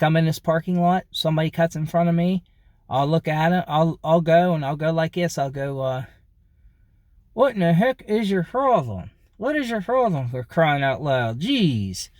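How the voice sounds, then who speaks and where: A man with a somewhat high voice talks casually to his viewers. He rambles, repeats himself and laughs between thoughts. The sound is dry and close, with no room echo. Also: darkish tone. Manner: rambling, repeats himself, frequent fillers and chuckles. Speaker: vlogger. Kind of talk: casual talk to camera.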